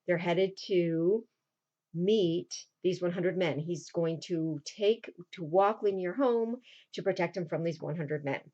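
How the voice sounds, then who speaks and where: A woman teacher in a casual recorded lesson for her students. She retells a play in plain talk and drops into quick acted lines for the characters. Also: on the low side, dark tone, highs cut off.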